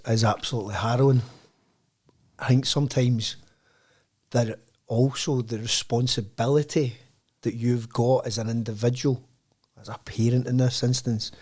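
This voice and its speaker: A man with a Scottish accent hosting a podcast interview, supportive and halting, filling his sentences with "you know". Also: medium pitch, darkish tone. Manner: supportive, halting, lots of fillers. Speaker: podcast host.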